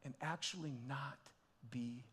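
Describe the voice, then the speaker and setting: A man preaching a sermon, swinging between hushed, intimate questions and loud, excited exclamations, with frequent laughs and restarts. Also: medium pitch, measured pace, husky. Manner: repeats himself and restarts, laughing often. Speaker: pastor.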